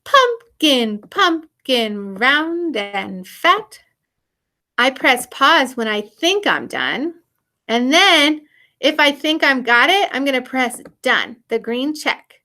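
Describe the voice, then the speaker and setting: A woman's voice: sits high, very animated, slow, sharp tone. A woman music teacher giving a recorded online lesson for young children, explaining each step in an upbeat, encouraging way.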